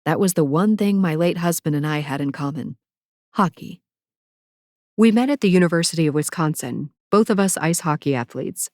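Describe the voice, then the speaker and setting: A woman narrating a first-person romance audiobook in a measured, wry storytelling manner. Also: low voice, expressive, darkish tone, dry recording, clean studio sound.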